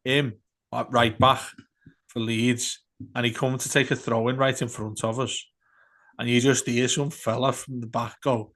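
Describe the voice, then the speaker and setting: A man, chatting casually as a podcast co-host and telling animated match-day stories. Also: mid-range voice, a little slow. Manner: animated storyteller, shouts out quoted fan heckles. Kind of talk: casual football chat.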